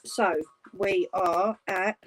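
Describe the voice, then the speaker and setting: A woman's voice: mid-range voice, fairly even intonation, very slow, rough recording. A middle-aged British woman hosting a live craft stream from her home craft room, chatting, teasing and laughing with family off camera as she works. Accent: British English. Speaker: craft channel host.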